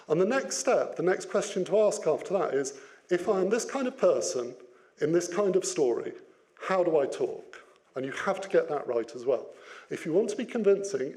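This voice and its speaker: Playful man giving a business talk. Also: sits high. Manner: lively, playful, asks the audience questions. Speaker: business speaker. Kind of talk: interactive presentation talk.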